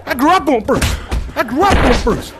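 A man giving live commentary while playing a VR fighting game. He trash-talks his opponent, lets out loud whoops and makes chatty asides to viewers. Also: very high voice, expressive, normal speed, loud music behind the voice.

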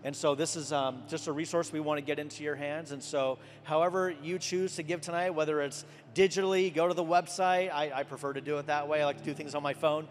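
A man's voice: a little high, fast, hardly any pauses, slight background noise. A male host speaks from the stage of a big arena in a slightly raised voice, easygoing and conversational as he talks the crowd through giving. Long reverb trails his words, with faint ambience behind. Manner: relaxed and conversational, many fillers. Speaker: event host and pastor. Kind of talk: onstage appeal for donations. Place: large arena.

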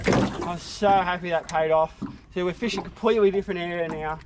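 On a small boat on a tidal river, a fishing vlogger narrates a casual outdoor vlog in a high, steady voice, talking fast. He's chatty and earnest and breaks into loud cheers now and then. The recording is noisy and comes from a head-mounted camera.

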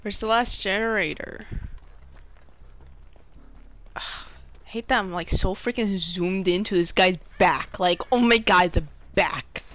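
A young woman giving casual gameplay commentary to her viewers, excitable and easily frustrated. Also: mid-range voice, slow pace, pauses often, poor audio. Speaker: gaming channel creator.

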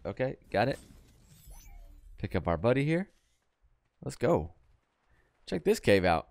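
A young adult man casually commenting on his video game as he plays, chatty and breaking into excited yells when things go wrong. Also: mid-range voice, measured pace, creaky. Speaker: gaming channel host.

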